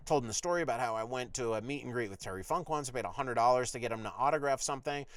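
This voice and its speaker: A man hosting his own podcast, telling a rambling personal story with lots of swearing and animated asides. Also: mid-range voice, very fast, dry recording. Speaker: podcast host.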